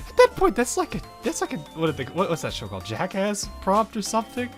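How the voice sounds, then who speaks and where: A man's voice: high voice, huge pitch swings, quick pace, few pauses, soft background music. Guy streaming a game and reading the story out, laughs a lot, goes off on tangents, bouncy voice. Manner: chatty, rambling, laughs often. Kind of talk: gaming commentary, reading story dialogue aloud.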